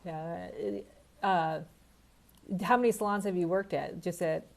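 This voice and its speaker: A woman's voice: fairly low pitch, unhurried. A woman hosting a casual live-stream chat, laughing often and asking short questions. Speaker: host.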